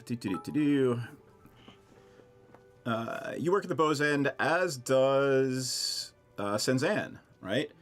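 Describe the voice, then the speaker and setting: A man serves as game master for a tabletop session and describes the scene to his players. He talks in a chatty, halting way, often restarting his sentences. His voice sits at an ordinary middle pitch. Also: expressive, faint music behind.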